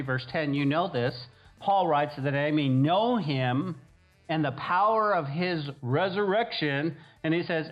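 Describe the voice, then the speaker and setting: A man's voice: on the high side, lo-fi sound. A man, a pastor, preaching a sermon to his congregation. He drives his points home by repeating key phrases. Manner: emphatic, repeats key phrases, acts out quoted voices.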